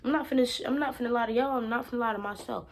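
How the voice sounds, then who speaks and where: Young woman vlogging, kinda high voice, cusses a lot, says stuff twice to drive it home. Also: very fast. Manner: blunt and profane, swears freely; emphatic, repeats herself for effect. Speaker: self-help vlogger. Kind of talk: casual monologue to camera.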